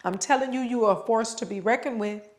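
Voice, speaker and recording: A woman's voice: on the high side, fast. A woman with children giving an unscripted motivational talk, speaking straight to the listener, repeating words for stress and drawing out her words. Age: adult with children. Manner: preachy, direct address to listener.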